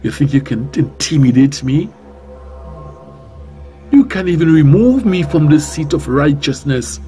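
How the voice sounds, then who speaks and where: Music runs distinctly under this Trinidad and Tobago reverend as he preaches on his talk radio program with a Trinidadian accent. His somewhat high, mellow voice moves unhurriedly with lively intonation, and he speaks boldly, repeating phrases and piling up rhetorical questions.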